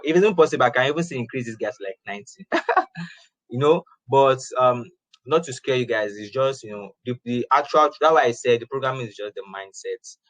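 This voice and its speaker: A man's voice: medium pitch, dry recording, low-quality recording. A man giving an informal programming lesson, chatty, often repeating and restarting his phrases. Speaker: programming instructor. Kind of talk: informal classroom lecture.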